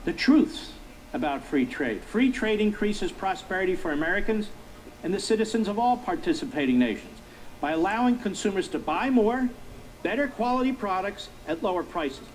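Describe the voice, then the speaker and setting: A man's voice: high-pitched, sing-song, moderate pace, a little hiss or hum, rough recording. A middle-aged man hosting a political commentary monologue, emphatic and repetitive, firing rhetorical questions at his listeners. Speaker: talk show host.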